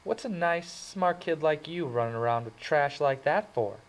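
A man reading aloud and voicing a cool, sharp-tongued teenage girl in a raised voice. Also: on the high side, animated, normal speed, voice pushed up, poor audio. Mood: softening. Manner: biting, dismissive.

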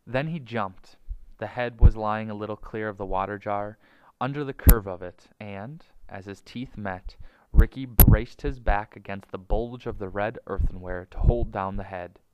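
A man narrating a storybook in a measured, dramatic way. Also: fairly low pitch, a little mellow, smooth, lo-fi sound. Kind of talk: storybook reading.

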